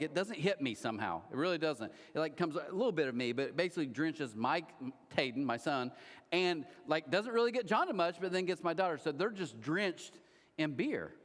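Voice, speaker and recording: A middle-aged man delivers a sermon like a relaxed story, with frequent asides to the people in front of him. His voice sits a little on the high side for a man. The sound rings out in a large church hall with a long echo. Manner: casual storytelling, chatty asides to the congregation. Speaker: pastor.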